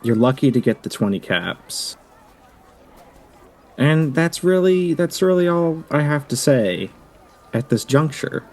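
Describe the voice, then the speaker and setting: A man's voice: fairly high pitch, lively intonation, takes it slowly, pauses often, darkish tone, exaggerated voice. A man voicing a weary, short-tempered male wasteland negotiator who swears heavily, in a tabletop game. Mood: exasperated. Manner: exasperated, heavy swearing.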